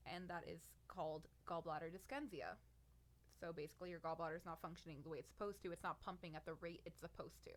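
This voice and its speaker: A woman's voice: on the low side, fairly even intonation, fast talker. A nineteen-year-old woman telling a personal story on her podcast, venting in an exasperated, sarcastic way. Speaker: podcast host.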